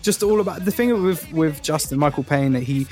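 A man, a music producer, talking in a relaxed, rambling way with many ums during a casual interview. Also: fairly high pitch, brisk.

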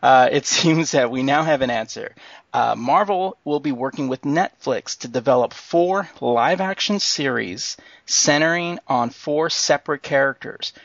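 A man co-hosting a podcast, reading entertainment news in a casual, excited way with lots of fillers and laughs. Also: medium pitch, vocal fry, no echo, dull audio. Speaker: podcast co-host.

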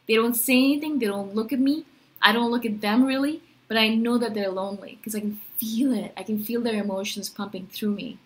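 A woman vlogger talking casually to camera, rambling and animated, full of "like" and self-questions. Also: medium pitch. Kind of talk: casual talking-head monologue.

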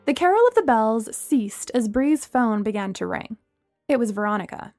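High-voiced woman reading a story. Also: big pitch swings, normal speed, a little mellow, no echo, clean studio sound, faint music behind. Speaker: narrator. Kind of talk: storybook narration.

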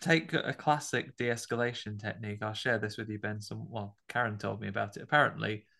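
A man's voice: fairly low pitch, brisk, creaky, bright, forceful tone. A man co-hosting a podcast, recapping a film in a laid-back, casually sweary way. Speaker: podcast co-host.

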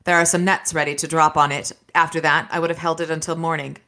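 A woman reading the lines of a dry, calm male crime boss aloud from a novel, in a low, forceful voice. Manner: dry and unhurried.

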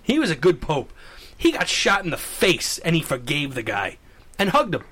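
Young male co-host, casual chat, rambling and jokey, slightly high voice. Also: huge pitch swings, moderate pace, bright, forceful tone. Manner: rambling, joking, mock-outraged.

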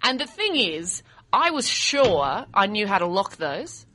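An Australian woman tells funny stories as a studio podcast guest. Her voice is bright and ringing. She talks playfully and slips into little acted quotes. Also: medium pitch, very animated, a little slow, a little hiss or hum. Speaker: guest comedian. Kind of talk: casual comedic chat.

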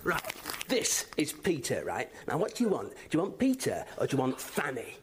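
A man's voice: on the high side, wildly swooping pitch, moderate pace. An actor playing a furious man who confronts a TV host with clipped, menacing demands. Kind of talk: TV comedy acting. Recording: archive clip with loud noise.

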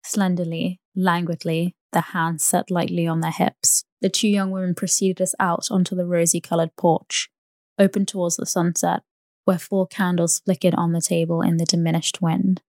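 A woman narrating a bedtime sleep story in a soft, even, unhurried reading. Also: lowish voice, no echo, studio quality.

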